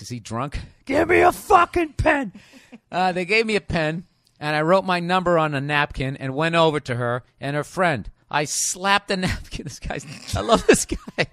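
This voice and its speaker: A forceful, middle-aged man hosts a comic advice podcast, reading letters and mocking them in loud, profane riffs. His voice sits fairly high and comes through on a dry, close studio mic. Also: dry recording. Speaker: podcast host.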